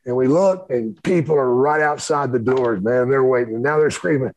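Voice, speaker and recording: A man's voice: mid-range voice, moderate pace, a little mellow, a little hiss or hum, poor audio. An older man, a former wrestler and co-host, telling profane, rambling stories in casual chat. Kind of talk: casual storytelling.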